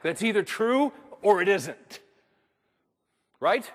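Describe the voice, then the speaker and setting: A man's voice: a little high, moderate pace, long reverb tail. A man preaching a sermon as a pastor, moving from storytelling to emphatic preaching.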